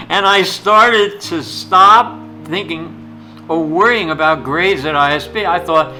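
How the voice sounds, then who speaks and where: An older man, a retired jewelry teacher, telling rambling, blunt anecdotes about his teaching, with soft guitar music behind. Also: on the high side, slow, low-quality recording. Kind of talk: anecdotal storytelling.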